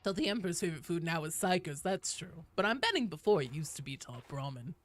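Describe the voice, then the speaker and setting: A woman in her thirties streaming a game, chatting casually with viewers, joking and sometimes bursting into loud swearing. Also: fairly low pitch, expressive, quick pace, no room sound. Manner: chatty and jokey, breaks into loud swearing outbursts. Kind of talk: casual live-stream chat answering viewers.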